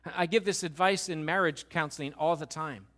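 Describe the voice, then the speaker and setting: A man preaching a sermon as pastor, talking in a conversational, animated way with quick asides and repeated restarts. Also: fairly high pitch. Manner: acts out what God and others say.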